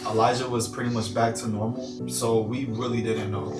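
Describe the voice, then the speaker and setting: A young man and father calmly explaining what happened, measured and plain. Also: mid-range voice. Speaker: vlogger, father. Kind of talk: calm explaining chat. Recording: echoey room, mic at a distance, music behind.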